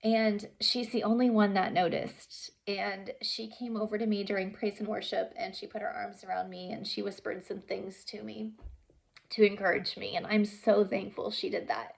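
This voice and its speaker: A young woman talking earnestly and haltingly about her own experience, with many pauses and fillers and some softly whispered words. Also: mid-range voice, flat delivery, vocal fry. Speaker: vlogger sharing her story. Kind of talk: emotional personal storytelling.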